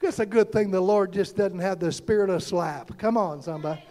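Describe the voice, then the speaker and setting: A man preaching a fervent sermon as pastor, shouting and calling out to the congregation. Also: sits high, a little fast.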